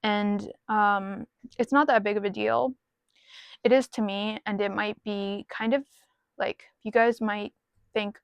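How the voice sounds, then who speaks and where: A woman vlogger talks casually to camera from her car, frank and rambling, tossing in small self-deprecating asides, using a small mic plugged into her phone. Her mid-range voice is clear and resonant with some vocal fry, fairly even in intonation and unhurried. There's no room sound.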